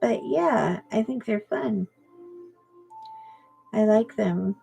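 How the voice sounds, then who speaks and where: A woman's voice: a little high, takes it slowly, gravelly, mellow, faint music behind. A middle-aged woman hosting a coloring channel, chatting and telling a family story with laughs while she colors. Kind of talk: casual chat while coloring.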